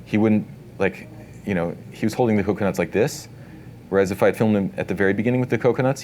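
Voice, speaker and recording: A man giving a casual live workshop talk to an audience in an event space, relaxed and talkative, full of filler words. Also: on the low side, fast talker, slight background noise. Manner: relaxed, talkative, many "like" and "you know" fillers.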